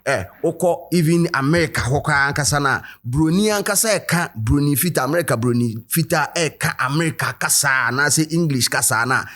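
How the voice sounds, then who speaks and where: A man's voice: a little high, fairly bright tone. A man with a Ghanaian accent hosting a commentary video, switching between English and Twi and reading quotes aloud. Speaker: host.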